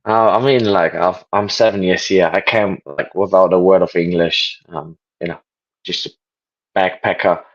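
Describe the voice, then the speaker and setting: A German man in his late twenties speaks English with a German accent, relaxed and joking, full of pauses and fillers. His voice sits low, and the video call audio comes through dull and lo-fi. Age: 20s. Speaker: interview guest. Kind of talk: casual interview chat.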